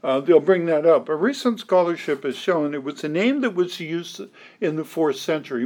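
A man preaching an expository sermon, deliberate and emphatic, quoting scripture aloud. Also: a little high. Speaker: pastor.

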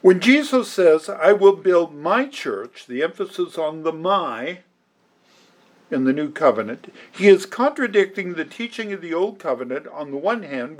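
A pastor preaching a sermon to his congregation, deliberate and emphatic, with the odd dry aside. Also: fairly high pitch.

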